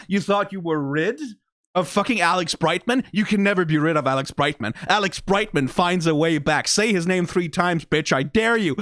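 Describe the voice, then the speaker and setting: A man casually reviewing songs, animated and quick to laugh, who swears freely. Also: a little high, dry recording, clean studio sound. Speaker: song reviewer. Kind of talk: casual commentary.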